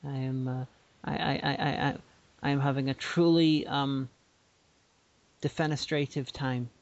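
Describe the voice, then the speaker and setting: A woman's voice: rumbling low, little pitch movement, a little slow, darkish tone, no echo, lo-fi sound. A woman co-hosting a casual podcast chat, playfully dropping showy vocabulary. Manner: playful, tries out fancy words. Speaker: podcast co-host.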